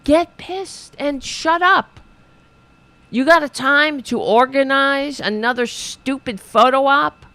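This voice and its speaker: A woman's voice: high voice, takes it slowly, bright, forceful tone, no room sound. A woman hosting a political show, ranting in a profane, sarcastic, exasperated way while reading viewers' chat.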